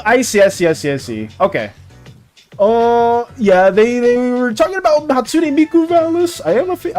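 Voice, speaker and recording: An art streamer chatting casually with viewers while drawing, greeting each one by name and rambling through restarts. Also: mid-range voice. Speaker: livestream artist chatting with viewers.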